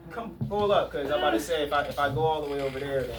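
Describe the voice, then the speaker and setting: A man hosting, relaxed and affirming, inviting the audience to ask questions. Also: fairly high pitch, very fast. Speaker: host.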